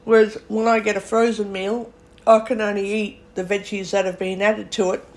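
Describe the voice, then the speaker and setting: Her voice sits at a medium pitch, fairly flat, at a moderate pace. A young Australian woman vlogs in a casual rambling monologue, thinking out loud with filler words and correcting herself as she goes.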